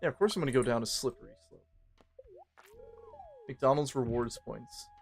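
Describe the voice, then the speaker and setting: A man's voice: mid-range voice, normal speed, creaky, soft background music. A man chatting casually on a livestream, swearing a lot and rambling in a joking way. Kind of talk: casual stream chat.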